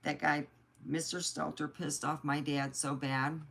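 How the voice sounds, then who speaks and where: A woman's voice: sits low, level tone, measured pace, gravelly, fairly bright tone. A middle-aged woman from the United States telling personal stories in a blunt, chatty way and swearing freely. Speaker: vlogger. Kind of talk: casual storytelling.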